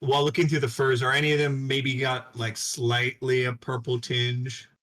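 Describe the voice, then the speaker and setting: A man chatting casually as a player in a tabletop game. His voice sits at an ordinary pitch and sounds relaxed. It is recorded over a video call. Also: normal speed. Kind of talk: casual chat.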